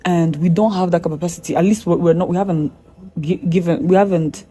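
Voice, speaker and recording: A woman's voice: lowish voice, fairly even intonation, a little fast, dark tone, slightly rough. A woman guest in a casual conversation, telling stories animatedly and quoting herself in dialogue.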